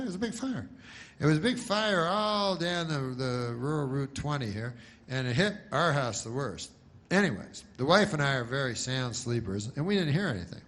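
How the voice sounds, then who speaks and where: Slow, meandering deadpan man. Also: a little high. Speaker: comedian. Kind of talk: rambling deadpan joke telling.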